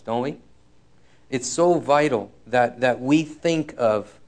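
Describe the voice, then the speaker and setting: A middle-aged man from Canada preaching a sermon in an earnest, urgent way, repeating his key phrases. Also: mid-range voice.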